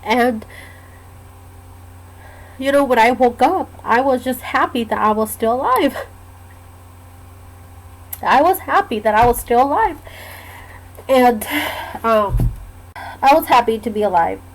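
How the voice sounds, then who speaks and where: A woman telling a personal story in a casual, halting way, with many pauses and fillers. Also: on the high side, animated, low-quality recording. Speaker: vlogger sharing a personal story. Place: lives in Georgia, USA.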